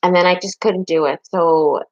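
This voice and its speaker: A woman's voice: fairly low pitch, fairly even intonation, moderate pace, a little mellow, no echo, muffled recording. A young adult woman and parent giving frank, chatty advice straight to her viewers. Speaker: vlogger and parent. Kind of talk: casual chat to camera.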